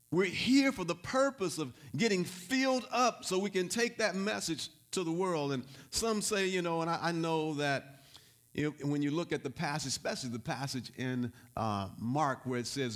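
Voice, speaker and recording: High-voiced preaching pastor. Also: male voice. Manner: repetitive, rising to loud exhortation. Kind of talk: sermon.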